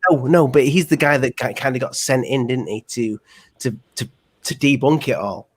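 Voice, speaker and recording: An easygoing man hosts a casual podcast chat, calmly steering the talk back on track. His voice sits at an ordinary middle pitch for a man. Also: moderate pace, slightly rough. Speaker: podcast host.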